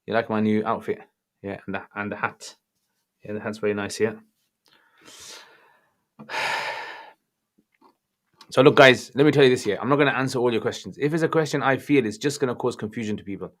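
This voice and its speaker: A man with a Birmingham accent hosting a casual livestream Q&A, reading out viewer questions and greeting people by name. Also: medium pitch. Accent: Birmingham English. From England. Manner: chatty, greets viewers warmly by name, mixes in Arabic phrases. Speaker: livestream Q&A host answering religious questions.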